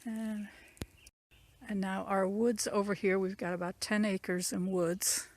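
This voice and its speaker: A woman's voice: mid-range voice, flat delivery, slow, no echo. A woman giving a casual, rambling walking tour of her rural land outdoors. She points things out as she goes, recorded on a phone she carries. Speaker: channel owner giving a property tour. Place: outdoors in rural woods and fields. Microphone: phone camera carried while walking.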